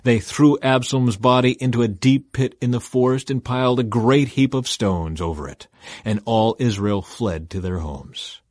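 A man narrating a Bible passage in a measured, solemn reading style. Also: medium pitch, darkish tone, no echo, clean studio sound. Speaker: Bible reader. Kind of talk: scripted narration.

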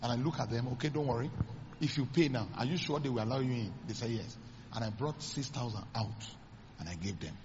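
A Nigerian man, a pastor, preaching a sermon as dramatic storytelling, acting out the dialogue with sudden high exclamations. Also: brisk, darkish tone, in a large hall, highs cut off, a little hiss or hum.

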